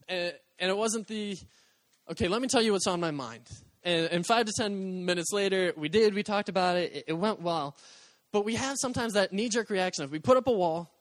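Earnest high-voiced male pastor, dry sound. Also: no echo. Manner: earnest, conversational, acts out quoted voices. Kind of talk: sermon.

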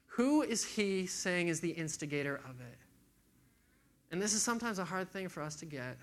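A man's voice: high-pitched, lively intonation, moderate pace. Man preaching a casual sermon. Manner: casual, conversational preaching with acted quotes.

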